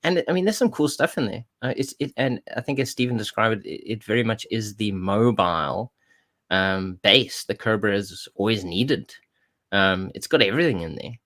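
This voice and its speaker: A man's voice: fairly low pitch, lively intonation, normal speed, a bit bright. A man co-hosting a casual live-stream chat, enthusiastic but hesitant, with many ums. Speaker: podcast co-host.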